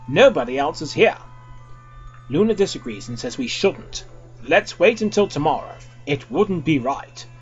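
A man reading a comic fan story aloud, switching voices for each character in an animated way. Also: on the high side, dull audio.

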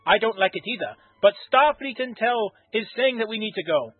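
A man's voice: high-pitched, animated, brisk, slightly rough, no room sound. A man reading as a stern, short-tempered female starship captain. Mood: curt. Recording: tinny phone-like recording.

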